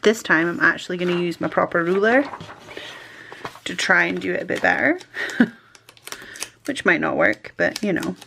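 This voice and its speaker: A woman's voice: lowish voice, animated, moderate pace, gravelly, pauses often, pushed and bright, slight background noise. A woman chatting casually as a stationery vlogger, self-deprecating and talking to herself while she works. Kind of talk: casual chat while crafting.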